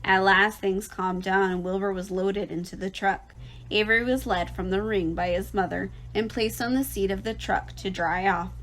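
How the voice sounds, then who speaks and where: A woman teacher reads a children's novel aloud to her class. Her voice sits at an ordinary middle pitch. She gives the story an expressive, lively read-aloud delivery. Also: normal speed, poor audio. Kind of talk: reading a children's book aloud.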